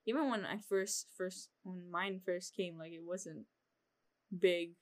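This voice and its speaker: A woman's voice: fairly low pitch, steady tone, unhurried. A young woman co-hosting a podcast, chatting casually and laughing often. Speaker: podcast co-host. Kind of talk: casual chat.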